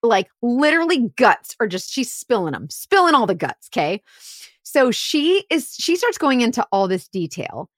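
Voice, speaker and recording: Lively woman telling an investigation story. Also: a little high, moderate pace, no echo, studio quality. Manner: animated, heavy use of "like". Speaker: private investigator. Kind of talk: casual storytelling podcast.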